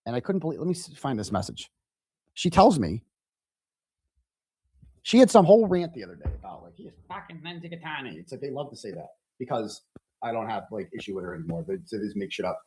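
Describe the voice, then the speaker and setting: A man hosting a live reaction stream, retelling messages in an indignant, animated way. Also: a little high, breathy edge, dry recording, studio quality. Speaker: livestream host.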